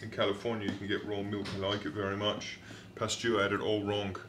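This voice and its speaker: A man with a put-on London accent, casually talking through a recipe he is cooking, rambling and playful with many pauses and ums. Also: fairly low pitch, monotone, reverberant, noisy background.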